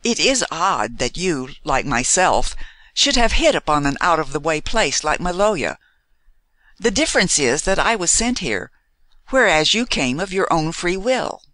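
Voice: mid-range voice, sing-song, unhurried, dry recording. A reader voicing a proud, self-reliant young Englishwoman who speaks lightly and firmly, in an audiobook reading. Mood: teasing. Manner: lightly teasing, bright.

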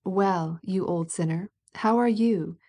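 A woman voicing a blunt, domineering fifty-year-old society matron in an audiobook, speaking gruffly and bossily. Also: fairly low pitch, slow, mellow. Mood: scolding. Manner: gruff, scolding and bossy.

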